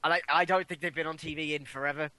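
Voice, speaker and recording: Bright-voiced British man, blunt and sweary. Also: fairly high pitch, fairly even intonation, fast talker, no echo. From Britain. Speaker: podcast co-host. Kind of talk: casual chat.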